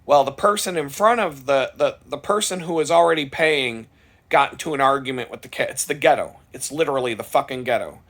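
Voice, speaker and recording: A man spins a casual, profanity-laced story for his vlog in a voice of middling pitch. He rambles and restarts, then gets louder and climbs higher as the funny moments build. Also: brisk. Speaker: vlogger.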